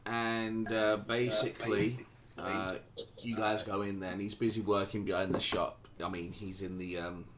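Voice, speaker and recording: Low-voiced game master, lots of ums. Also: male voice, level tone, moderate pace, crowd noise. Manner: loose, full of ums and restarts. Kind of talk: narrating a tabletop game.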